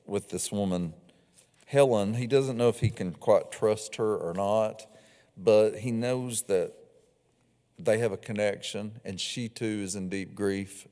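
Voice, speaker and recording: A man, an author, talking casually about his book and reading from it in a lecture hall, with a few fillers. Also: on the low side. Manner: relaxed and conversational, with fillers.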